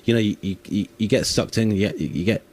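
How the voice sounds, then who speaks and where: Low-voiced man talking haltingly. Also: a little mellow. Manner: halting, many restarts and fillers. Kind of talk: casual interview chat.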